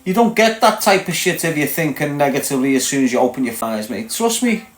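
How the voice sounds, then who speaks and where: Man, Liverpool accent, raised pitch, blunt lecturing tone, livestream chat, echoey room. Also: expressive, quick pace. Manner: blunt, lecturing, keeps asking if you understand. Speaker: livestream host. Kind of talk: casual rant to live viewers.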